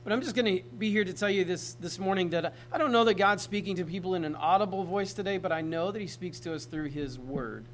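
A man's voice: high-pitched, fast, few pauses, a little hiss or hum, rough recording. A man preaching a sermon in a casual, conversational way, often asking the congregation questions. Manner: conversational, talks straight to the congregation. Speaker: pastor.

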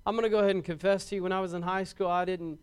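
A man's voice: high voice, flat delivery, rapid-fire, clean tone. A man preaching a sermon to his congregation in a conversational way, often restarting and repeating words and asking the congregation questions. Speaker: pastor.

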